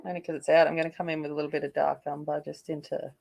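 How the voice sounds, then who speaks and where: An Australian woman hosts a coloring live stream, rambling casually as she responds to viewer comments. Her voice sits low with a darkish tone and vocal fry, and her delivery is flat and rapid-fire.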